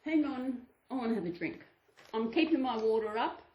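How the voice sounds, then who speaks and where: A woman's voice: on the high side, animated, normal speed, highs cut off. A woman channel host reading a children's storybook aloud to her dolls, sing-song with chatty asides. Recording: echoey room.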